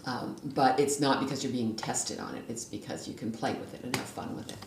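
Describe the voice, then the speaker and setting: A woman's voice: extremely low pitch, fairly quick. A woman guest, a former judge, chatting in an interview and telling stories with frequent restarts. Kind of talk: casual conversational interview. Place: library room. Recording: echoey room, distant mic, faint noise.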